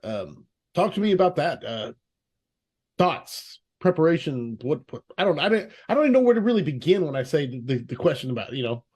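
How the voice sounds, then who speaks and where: A man hosting a podcast, asking a question in a halting way as he searches for his words. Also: a little high, big pitch swings, darkish tone, husky. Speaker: podcast host. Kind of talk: casual interview questions.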